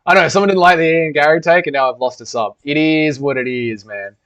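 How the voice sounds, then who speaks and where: A man's voice: a little high, a little fast, fairly bright tone, smooth. A man hosting a casual livestream, reading comments and rambling with lots of swearing. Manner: loose, rambling, swears a lot. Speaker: livestream host. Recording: dull lo-fi stream audio.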